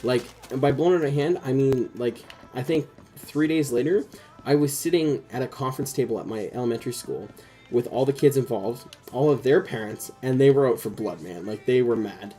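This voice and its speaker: A man's voice: mid-range voice, fairly quick, dark tone, soft background music, poor audio. A young man hosting a casual chat, telling a rambling personal story full of swearing and fillers. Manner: rambling, swears a lot, heavy use of "like". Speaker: host.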